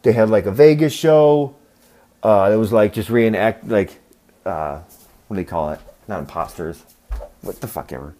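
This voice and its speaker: A man's voice: lowish voice, darkish tone. A man hosting a podcast, telling rambling, profane stories in a casual monologue and acting out the voices of people he quotes. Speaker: podcast host.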